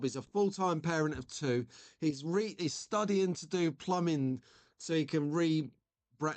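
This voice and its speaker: A chatty man hosting a live stream, joking along with his viewers as he goes. His voice sits a little high. It is recorded close and dry, with no room sound. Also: no room sound. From United Kingdom. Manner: chatty, jokey, reads out viewer comments. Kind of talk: casual live stream chat.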